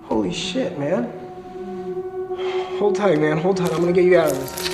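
Brief: shaken young man in a horror film, high voice, echoing room, big score behind. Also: moderate pace, over loud music. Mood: frantic. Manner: frantic, shaken calling out. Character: panicked young man finding his friend. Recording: film clip with roomy echo and loud score.

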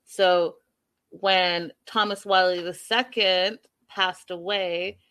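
A woman's voice: lowish voice, steady tone, takes it slowly, bright, forceful tone, clean tone. A woman chatting casually to her viewers as she recaps a show, often turning to them directly. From Canada.

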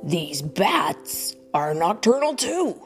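A woman voicing a gentle, wise father rabbit, explaining patiently in a hushed storybook voice. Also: lowish voice, big pitch swings, slow pace. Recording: soft background music.

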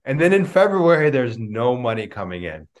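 A middle-aged man, a business coach, answering interview questions with lively storytelling and acted-out dialogue over a video call. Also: medium pitch, moderate pace. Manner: animated storyteller, acts out quoted dialogue. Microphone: remote video call.

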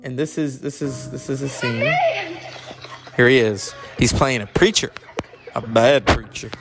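A man's voice: mid-range voice, a little slow, creaky, over loud music. A man hosting a casual, rambling, enthusiastic chat about classic films. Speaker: host.

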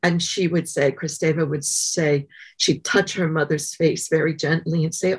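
A woman guest author telling stories in an interview, in a thoughtful, measured way with many pauses. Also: low-pitched, steady tone, husky. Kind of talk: interview conversation.

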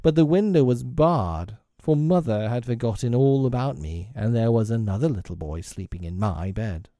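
A brooding, earnest boy from a storybook tells a sad secret in a solemn, confiding way, as a man reads him aloud. The tone is dark and mellow, with lively rises in pitch. The reading is close and dry. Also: moderate pace, dry recording, lightly acted.

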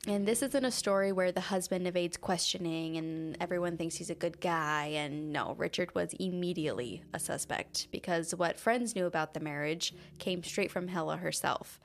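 A woman's voice: on the low side, moderate pace, hardly any pauses. A woman co-hosting a casual podcast, chatting and reading out case notes in a laid-back, jokey way. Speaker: podcast co-host. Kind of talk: casual chat and true-crime narration.

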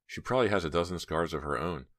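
A man's voice: low-pitched, fast talker, a bit bright, dry recording, clean studio sound. A man voicing a defensive teenage girl, talking in tense, clipped lines.

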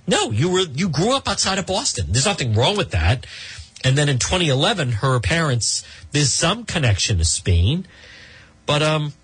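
Husky-voiced man in his fifties. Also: on the high side, fairly bright tone, no echo. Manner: rambling, gossipy, many ums and restarts. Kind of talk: opinionated commentary monologue.

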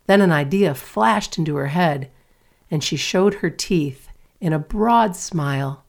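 A woman narrating a children's story aloud in a steady, clear reading voice. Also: deep voice, moderate pace. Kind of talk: audiobook reading.

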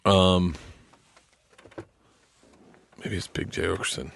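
A man's voice: deep voice, steady tone, slow pace, gravelly, fairly bright tone. A middle-aged man, a comedian, chatting casually on a podcast, rambling and trailing off as he searches aloud.

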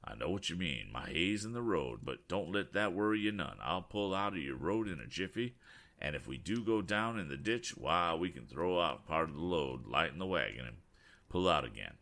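A man's voice: sits low, lively intonation, moderate pace, fairly bright tone. A man voicing a burly, grizzled older farmer who talks in a drawling rural dialect. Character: burly grizzled old male farmer, folksy.

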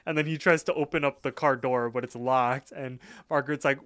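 Male podcast co-host, mid-pitched and resonant, retells cartoon scenes in a relaxed, chatty way. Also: no room sound. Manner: retells scenes, quoting characters in quick asides. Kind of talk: casual episode recap.

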